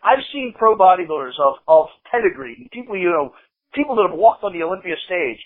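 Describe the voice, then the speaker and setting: A man's voice: high-pitched, lively intonation, fairly quick. A man in casual chat, profane and indignant. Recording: tinny phone-like audio.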